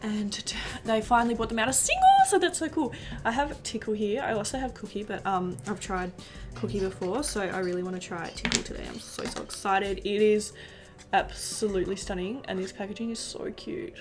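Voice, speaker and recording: A woman's voice: medium pitch, fairly quick, over music. A 19-year-old woman, a beauty vlogger, chatting casually while doing her makeup, gushing and rambling with lots of fillers.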